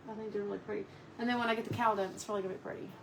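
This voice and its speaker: A woman's voice: medium pitch, fairly even intonation, racing, creaky, background noise. A woman chatting casually on a live craft stream from home, cooing at her dog between talk about her painting.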